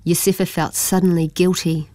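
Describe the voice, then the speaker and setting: A woman reads a storybook aloud in a steady, plain manner. Her voice sits low, and the recording is close and dry. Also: normal speed, no echo. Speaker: narrator.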